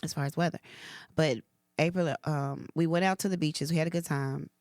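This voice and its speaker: Gravelly low-voiced woman telling a story. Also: fairly even intonation, brisk, no room sound, clean studio sound. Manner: heartfelt storytelling, soft and emotional. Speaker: podcast co-host, hairstylist. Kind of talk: casual chat.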